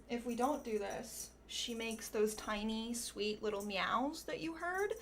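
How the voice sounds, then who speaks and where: A woman's voice: mid-range voice, a little hiss or hum. A woman streamer giving sarcastic, profane commentary as she reads messages aloud. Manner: soft baby talk to her cat. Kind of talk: livestream political commentary.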